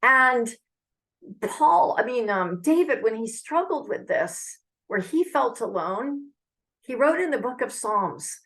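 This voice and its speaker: A woman's voice: a little high, big pitch swings, takes it slowly, fairly bright tone. A woman giving an earnest, heartfelt devotional message with prayer, speaking conversationally to her viewers. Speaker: Christian speaker.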